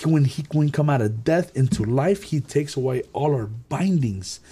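Guy leading bible study, kinda high voice, gets worked up, repeats himself a lot. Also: moderate pace, slightly rough. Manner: animated, repeats and restarts words. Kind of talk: preaching in a group Bible study.

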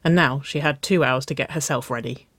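A narrator reading a story aloud in a slow, measured way. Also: medium pitch, fairly bright tone, no room sound.

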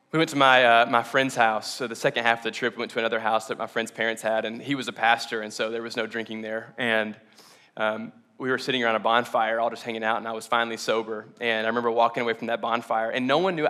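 A bright, forward-voiced young man delivers a personal sermon with an earnest, confessional pull. He is emotional and close to tears, laughing a little at himself, stumbling and restarting between phrases. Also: medium pitch. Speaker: pastor.

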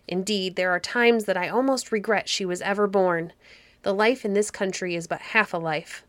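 A woman reading aloud, voicing a temperamental queen in a fairy story, anguished and sharp. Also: mid-range voice, fairly even intonation, normal speed, dry recording, close to an everyday voice. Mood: angry.

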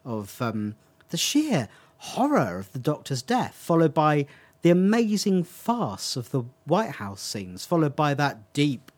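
A man's voice: on the high side, huge pitch swings, measured pace, a little mellow. A man co-hosting a podcast, talking enthusiastically in casual chat. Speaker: podcast co-host.

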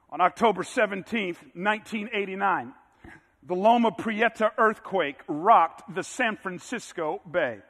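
A man preaching a sermon in a bright, high tenor that cuts through the room. He climbs steadily toward forceful, emphatic peaks. His voice carries a long hall reverb around it. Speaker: pastor.

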